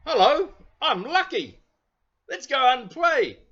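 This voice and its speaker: A man voicing a cheerful, optimistic little toy teddy bear that squeals with excitement. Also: extremely high pitch, a little slow, muffled recording, pitched above the performer's own voice, full character voice. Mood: excited.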